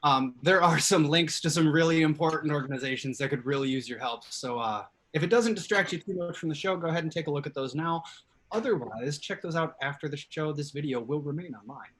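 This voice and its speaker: A man hosting a live improv comedy show from home over a video call, upbeat and animated. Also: fairly high pitch, fairly quick. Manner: animated, upbeat, hedging fillers. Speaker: host.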